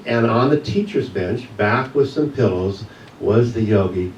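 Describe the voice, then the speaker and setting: Low-voiced man in an echoey church. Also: normal speed. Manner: earnest, reflective storytelling. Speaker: guest speaker at a church service. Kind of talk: personal testimony talk. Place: church sanctuary. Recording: echoey room, distant mic, faint hiss.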